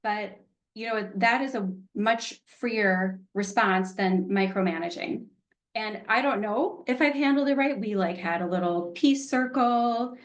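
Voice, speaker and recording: A woman's voice: mid-range voice, unhurried. Chatty woman teaching a healing class. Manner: chatty, candid, laughs easily. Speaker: workshop teacher.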